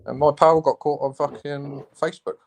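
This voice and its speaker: A young man chatting on a stream, animated and sweary, calling his friend mate and bro. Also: fairly high pitch, moderate pace, vocal fry. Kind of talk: casual live-stream chat.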